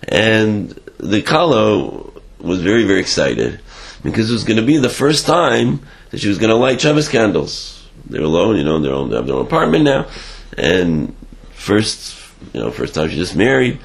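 Gravelly, animated man telling a story. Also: low-pitched. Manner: halting, many restarts, animated retelling. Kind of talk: religious storytelling talk.

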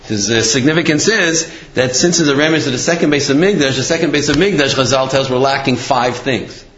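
A man teaching a Torah class in a conversational, storytelling way, with many pauses and fillers. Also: medium pitch, fairly bright tone. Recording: roomy, dull-sounding recording.

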